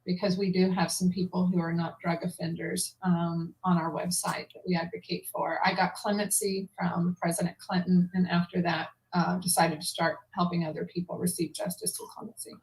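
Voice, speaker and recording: A woman's voice: lowish voice, level tone, moderate pace, few pauses, a little mellow, poor audio. A woman guest in a casual interview, speaking earnestly as an advocate with some fillers.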